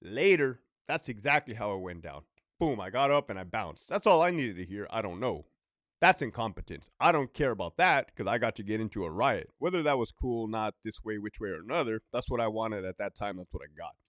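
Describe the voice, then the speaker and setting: A man in a casual storytime monologue, ranting bluntly with plenty of swearing and repetition. His pitch swings up and down a lot as he talks. The sound is dry and close. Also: big pitch swings, brisk, a bit bright, no echo. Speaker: former prison officer.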